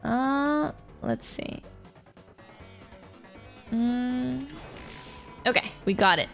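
A woman's voice: fairly high pitch, expressive, very slow, vocal fry, pauses often, fairly bright tone. A young woman streamer giving playful, casual commentary on a game and chatting with her viewers. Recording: faint game music behind.

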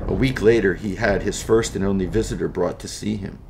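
Male storyteller, deep, gravelly, dramatic read. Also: steady tone, brisk, background noise. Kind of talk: storybook narration.

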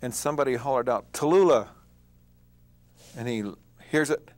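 A man's voice: mid-range voice, fast, dry recording. An older man recounting wartime memories in an interview, in a plain storytelling manner. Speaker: war veteran interviewee.

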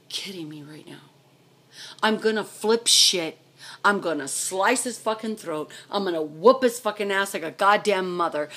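A woman's voice: mid-range voice, fairly bright tone. A middle-aged woman ranting furiously and profanely at her husband, firing off angry questions. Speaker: vlogger. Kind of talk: angry rant to camera.

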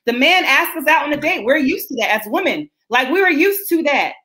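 A woman's voice: high voice, very animated, a little fast, sharp tone. A woman hosting a casual livestream chat over a video call, chatty and explaining as she tells stories. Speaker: host.

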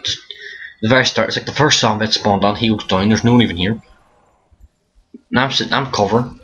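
In a fairly low, fairly bright voice, a tired young gaming commentator rambles through casual talk over a zombie game, often backing up to restart sentences. The audio comes from a dull lo-fi mic with faint hiss.

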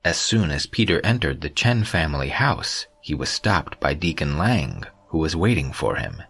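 A man narrating an audiobook story in a steady, even storytelling manner. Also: extremely low pitch, normal speed, vocal fry, husky. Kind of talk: scripted narration. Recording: soft background music.

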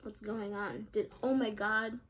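A woman's voice: medium pitch, little pitch movement, a little slow, breathy edge. A woman giving casual gaming commentary, chatty, giggly and self-deprecating. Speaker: game streamer.

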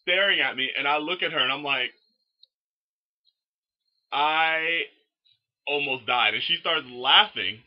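A young man casually telling a story to camera in an excitable, profane, animated way. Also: fairly high pitch, a little slow, pauses often, lo-fi sound. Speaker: vlogger.

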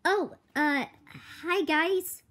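A woman's voice: extremely high pitch, drawn-out words, over loud music, heavily acted. A woman voicing a nervous, secretive female bird who stammers when flustered, in a fan cartoon. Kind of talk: fan-made cartoon voice acting.

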